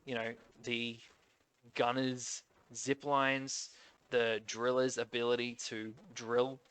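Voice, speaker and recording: A man's voice: mid-range voice, little pitch movement, takes it slowly, a bit bright, clear, resonant tone. A man with a nasal Australian accent, a gaming YouTuber chatting casually through update notes and thinking aloud.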